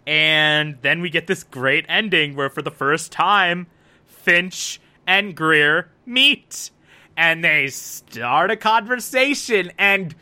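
A TV recapper with a bright, forward voice who gushes over a scene and breaks into excited outbursts. The talk is casual and animated, running from hushed awe to loud enthusiasm. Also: mid-range voice, takes it slowly. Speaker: TV episode recapper.

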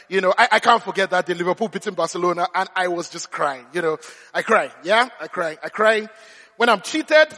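A man's voice: sits high, bright, forceful tone, long reverb tail. A man preaching a sermon, telling humorous, self-deprecating stories. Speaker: pastor.

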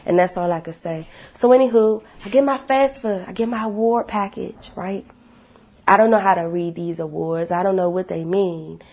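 A woman sharing her life story with viewers in a casual, animated testimony, blunt and swearing freely. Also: fairly low pitch, normal speed, slightly rough.

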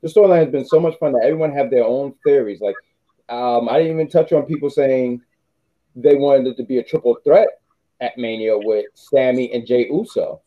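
A man's voice: mid-range voice, brisk, phone-quality sound. A man co-hosting a wrestling podcast, talking in a rambling, casual way that often corrects itself. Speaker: podcast co-host.

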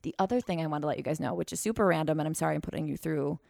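Woman podcast host, lowish gravelly voice, self-deprecating, rambling, dry close sound. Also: very fast, a little mellow, no room sound. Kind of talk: casual podcast chat.

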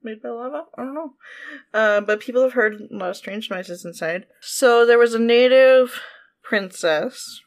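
A young woman hosting a podcast in a chatty, animated way, trading ghost stories and reading a friend's account aloud. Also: a little high, moderate pace. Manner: chatty and animated, laughs easily. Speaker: podcast host.

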